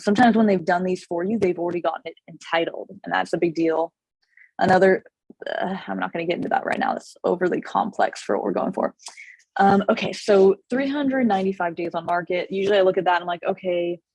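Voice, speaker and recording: Woman realtor, Californian accent, gravelly and a bit husky, lowish voice, dry close sound; rambling casual explainer. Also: darkish tone, no echo, low-quality recording. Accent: Californian English. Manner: chatty, rambling with many fillers and restarts. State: slightly hoarse, losing her voice.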